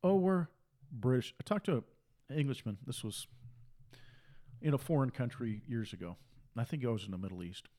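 A man's voice: mid-range voice, animated, brisk, pauses often, mellow. A man preaching on a livestream in a fervent monologue, repeating his points and slipping into mocking asides. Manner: fervent, repetitive, mocks opponents in sing-song asides.

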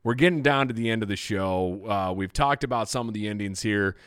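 A man's voice: lowish voice, brisk, clear, resonant tone, no echo. Man, podcast host, casual movie chat, hesitant with filler words, dry close sound. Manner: relaxed, hesitant, lots of "right?" and "uh".

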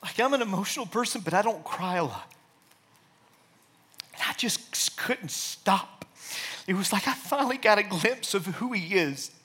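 A man giving an earnest, emotional personal testimony in a sermon-like talk, at times dropping to a hushed, soft voice, with frequent restarts. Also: high voice, lively intonation, moderate pace, long pauses, breathy edge. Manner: hushed, soft-spoken in quiet passages.

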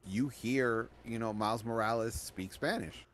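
A man's voice: medium pitch, normal speed, fairly bright tone, a little hiss or hum. A man talks through his take on a film in loose, casual podcast chat. He keeps stopping and restarting mid-thought, padding his sentences with ums and likes, in an ordinary mid-range voice. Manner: rambling, many restarts and fillers. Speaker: podcast co-host. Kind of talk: casual movie review chat.

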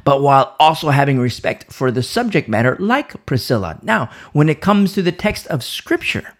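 Male Bible teacher with a sore throat, lively swooping delivery, restarts often. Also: a little high, normal speed. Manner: animated, repeats words and restarts often. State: sore throat, pausing to sip coffee. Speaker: preacher.

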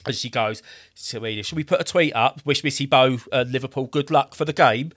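A man's voice: medium pitch, brisk, fairly bright tone. A man in his thirties telling a rambling story in a casual way, acting out the voices he quotes.

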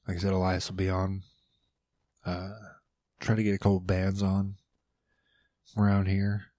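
A man's voice: low-pitched, monotone, a little slow, mellow, no room sound, clean studio sound. A man hosting his own podcast, rambling loosely and swearing casually, with playful asides. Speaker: podcast host. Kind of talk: casual solo podcast chat.

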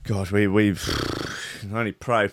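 A man's voice: on the low side, level tone, slow, dry recording, clean studio sound. A man hosting a comedic morning show, rambling and swearing playfully. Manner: rambling, profane, playful mock-cockney bits. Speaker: show host. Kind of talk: casual comedic monologue with swearing.

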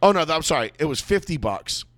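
A man's voice: on the high side, very animated, fairly quick, no room sound, clean studio sound. A married man co-hosting a casual talk show, complaining about prices in a wry, sarcastic way. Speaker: podcast co-host.

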